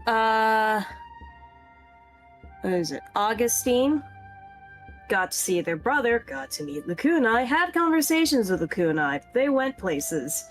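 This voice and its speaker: A woman running a tabletop game over voice chat, recapping the last session in a casual, quick way with many fillers. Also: on the high side, sing-song, soft background music. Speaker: game master.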